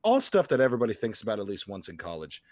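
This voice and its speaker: A man hosting a podcast in casual chat, rambling and joking with many filler pauses. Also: fairly low pitch, huge pitch swings, a little mellow, no room sound. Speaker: podcast host.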